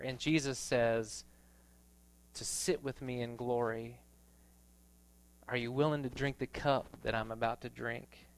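A man preaching a sermon in a conversational storytelling way, rising to loud emphatic passages. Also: medium pitch, fairly even intonation, a little slow, pauses often, smooth, no room sound. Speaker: pastor.

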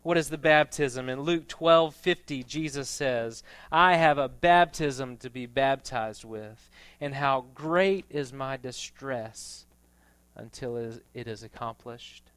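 Smooth, dry-voiced male preacher. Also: mid-range voice, slow, no room sound. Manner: conversational storytelling, swells loud when he preaches. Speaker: pastor. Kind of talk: sermon.

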